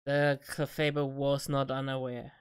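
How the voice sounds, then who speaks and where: A woman co-hosting a game recap, measured and a little self-critical about her own play. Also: a bass voice, completely flat delivery, smooth. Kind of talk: casual gaming chat.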